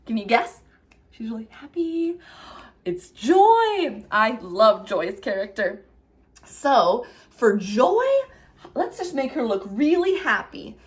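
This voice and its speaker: A young woman gently teaching children a craft, playful and asking them questions as she draws. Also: a little high. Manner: warm, playful, asks kids questions.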